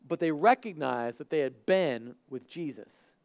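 A man preaching a sermon, who acts out the people in the story and swings from loud and excited to hushed and earnest. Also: fairly high pitch, moderate pace, creaky, few pauses, smooth. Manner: talks to a live congregation, asks them questions. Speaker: pastor.

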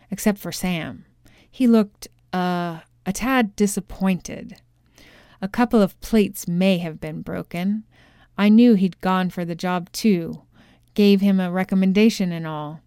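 A woman voicing a gruff, bearded male head chef on the witness stand, with a gravelly voice and halting, mumbled answers, in a storybook reading. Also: lowish voice, darkish tone, no echo, studio quality.

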